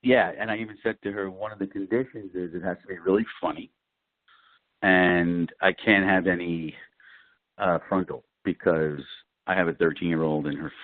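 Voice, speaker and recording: Deep new guy, middle-aged actor, animated storyteller, dry phone-ish sound. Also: moderate pace, no room sound. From Brooklyn, New York. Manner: animated storyteller, lively pitch jumps. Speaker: actor, interview guest. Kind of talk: casual interview. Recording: dry, tinny phone-like line.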